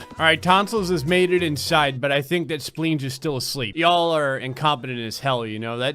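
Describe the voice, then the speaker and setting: A young man giving sarcastic, deadpan comedic commentary on a life-simulation game, laughing often at his own jokes. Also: medium pitch. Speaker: gameplay commentator.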